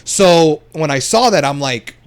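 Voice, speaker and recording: A young man co-hosting a podcast, chatting casually in slangy, animated bursts of opinion. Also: on the high side, a little slow. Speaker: podcast co-host. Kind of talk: casual chat.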